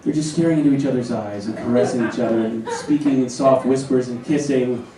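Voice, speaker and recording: A man in his forties performing a stand-up comedy set in a club, telling stories with animated acted-out voices. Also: medium pitch, a little fast, a crowd in the background. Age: 40s. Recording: roomy club sound from a far camera. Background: audience laughter.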